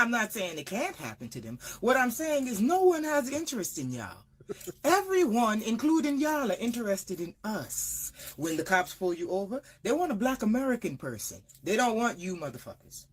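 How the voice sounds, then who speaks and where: A man's voice: high-pitched, a bit bright, husky. A man delivering a confrontational, profane rant straight at his listeners. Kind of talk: ranting monologue.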